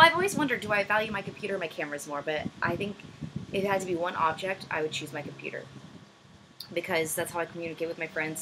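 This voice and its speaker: A hesitant young woman vlogs from a backlit room at home, answering viewer questions in a casual chat. She rambles, puts herself down, and says "um" a lot. Her voice is on the low side and a bit bright, and the poor audio carries a little hiss or hum.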